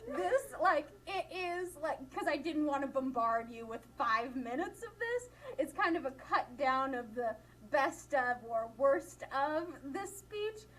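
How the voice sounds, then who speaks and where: A woman's voice: high voice, animated, a little slow, hardly any pauses, fairly bright tone, poor audio. A young woman teaching a college class in a classroom, chatty and laughing often, with many "like" fillers. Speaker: college instructor. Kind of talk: classroom lecture.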